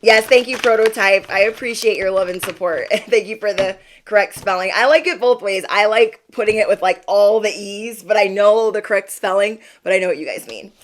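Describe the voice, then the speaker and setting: A woman speaking at a middle pitch, reading tarot cards live for her viewers. Her delivery is chatty and playful, and she keeps tossing back quick "okay?" check-ins. She sounds encouraging and talks straight to the people watching. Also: a little hiss or hum. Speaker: tarot reader. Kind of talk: livestream card reading.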